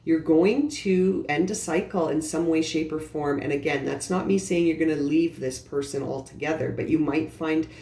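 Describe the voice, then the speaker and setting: A woman's voice: low voice, moderate pace, few pauses, dark tone. A woman giving an earnest, reassuring tarot reading, speaking directly to the listener in a casual way. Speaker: tarot reader. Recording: roomy echo with faint background noise.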